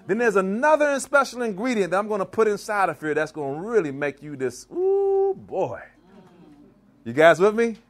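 A man with a fairly high voice and a Maryland accent runs a live cooking demo, bantering and quizzing the crowd as he works. His delivery is playful and lively, full of call and response. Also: fairly quick, few pauses. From Washington DC / Maryland area, US. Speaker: chef giving a cooking demo. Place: church hall, in front of a live audience.

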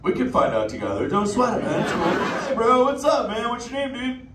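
A man's voice: very high voice, expressive, a little fast, heavy background noise. An actor playing a laid-back male sea turtle who talks like a drawling surfer and banters with a live audience. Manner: surfer slang, drawling and playful. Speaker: live show character chatting with the audience. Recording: echoey theater, distant mic, loud music.

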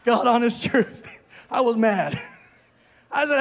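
Male pastor, high-pitched, storytelling sermon that builds to shouts, echoing church hall. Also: animated, slow, long pauses. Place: church sanctuary. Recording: long reverb of a church hall.

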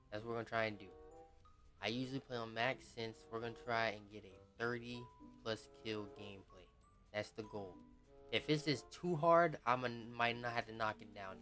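Excitable, profane man commenting on gameplay. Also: mid-range voice. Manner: excitable, slangy and profane, shouting at the game. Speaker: gaming YouTuber.

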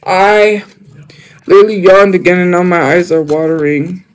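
A man's voice: high-pitched, normal speed, poor audio. A young man chatting casually on a livestream. He rambles, jumps between topics and fills his talk with fillers.

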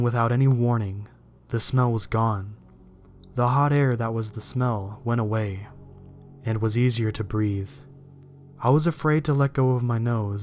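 A man reading a first-person horror story aloud in a steady, measured narration. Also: mid-range voice, a little hiss or hum.

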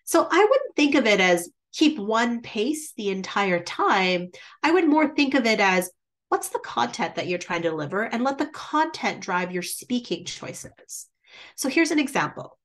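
A woman's voice: on the high side, very animated, fairly bright tone. Woman coaching presentation skills. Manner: deliberately varies volume and pace for emphasis; coaching, with frequent "um" fillers. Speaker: business presentation instructor. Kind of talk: webinar presentation.

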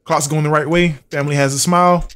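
A man's voice: fairly high pitch, steady tone, quick pace, a bit bright, smooth. A young man streaming a horror game live, muttering checklists to himself, swearing and talking back to his chat. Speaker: gaming streamer.

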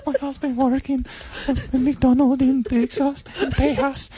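A man's voice: extremely high pitch, level tone, warm tone, pitched above the performer's own voice. A man putting on a boastful wife with broken English. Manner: slow, exaggerated broken English. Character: boastful woman bragging about husband's pay.

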